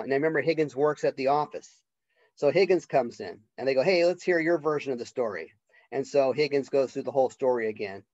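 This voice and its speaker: A male college literature professor gives a casual, conversational classroom lecture, acting out characters' lines in quick voices. His voice is mid-range and a little mellow, with no room sound. The lecture recording is dull and lo-fi.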